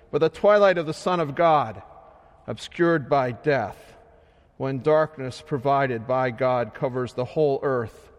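A man preaching a sermon in a slow, measured way, his voice swelling loud and then sinking soft. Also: on the high side. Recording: long hall reverb.

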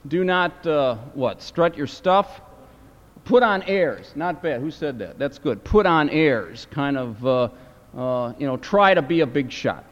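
A man teaching a class, lecturing slowly and deliberately, with many fillers and questions put to his students. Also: mid-range voice. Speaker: Hebrew teacher. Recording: dull lo-fi lecture hall recording.

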